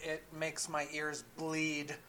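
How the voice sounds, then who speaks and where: A man's voice: fairly high pitch, monotone, slow, pushed and bright. A male co-host agreeing with the host and retelling a clip in a dry, sardonic way.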